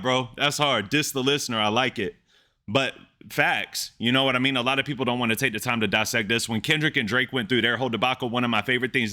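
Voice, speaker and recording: A man hosting a music reaction channel, excitedly repeating lines and breaking them down in casual commentary. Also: medium pitch.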